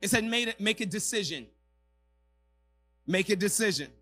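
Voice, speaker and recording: A male pastor preaching a sermon to a congregation in a church hall, moving from quiet asides to loud, emphatic passages. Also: high voice, expressive, normal speed.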